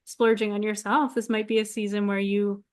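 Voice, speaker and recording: A young woman giving relaxed, chatty astrology advice straight to her viewers, laughing often and sprinkling in "like". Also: mid-range voice, normal speed. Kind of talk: casual solo advice talk to camera.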